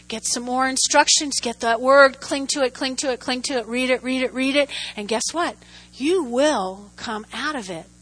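A woman's voice: sits high, rough recording. A woman preaching a sermon, telling humorous personal stories and drawing the congregation into call-and-response. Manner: animated, humorous storytelling with audience call-and-response.

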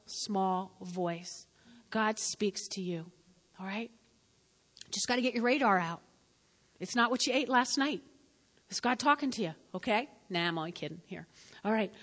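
A woman pastor delivers an animated sermon, hammering home her points by repeating them. Her voice sits high and rings bright. A long reverb from a church hall trails behind every phrase. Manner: emphatic and repetitive, addressing the congregation directly; animated, with sudden swings between loud and quiet.

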